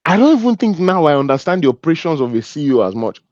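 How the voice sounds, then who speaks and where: A man with a Nigerian accent giving a humorous, animated business talk, joking and teasing as he tells stories. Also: fairly high pitch, racing, no echo, highs cut off. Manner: animated and joking, laughs at his own stories. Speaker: business speaker.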